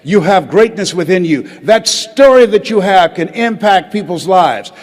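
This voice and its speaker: An older man giving a motivational speech to a live audience, calling for hands and repeated lines, swinging between loud exhortation and quiet storytelling. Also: high-pitched, expressive, normal speed. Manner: call-and-response, asks the crowd to raise hands and repeat lines. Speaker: motivational speaker. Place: large hall with a live audience. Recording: long hall reverb.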